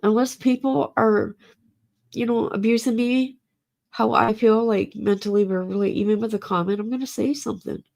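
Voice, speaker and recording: A woman's voice: on the high side, fairly even intonation, normal speed, creaky, darkish tone. A middle-aged woman, grieving, talking casually and emotionally to her livestream chat. She rambles and swears. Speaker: livestream host.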